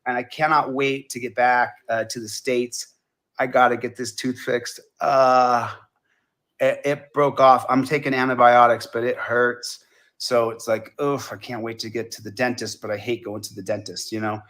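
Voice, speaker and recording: A man's voice: medium pitch, level tone, measured pace, fairly bright tone. A man rambling through a monologue in a played video clip, repeating himself and stumbling over his words. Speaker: online video talker.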